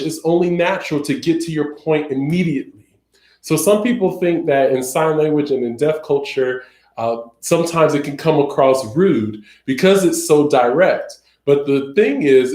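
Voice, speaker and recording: A man with a Southern American accent and a slightly high, slightly mellow voice teaches a sign language class, explaining things conversationally with everyday examples. The recorded lecture sounds echoey, as if in a large room.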